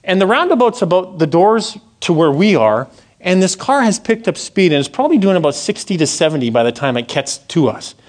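A man stands before his church and preaches, weaving a story from his own week into the sermon. His voice sits somewhat high for a man and leaps up and down as he acts out what people said. He keeps it conversational, asking the room questions as he goes. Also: fairly quick. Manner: animated storytelling, acts out quotes with big pitch jumps; conversational, asks the audience questions. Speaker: pastor.

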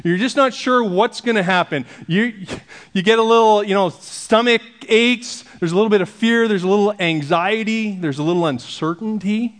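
A man's voice: high-pitched, moderate pace. A middle-aged male pastor preaching a sermon in a casual, joking, conversational way to his congregation.

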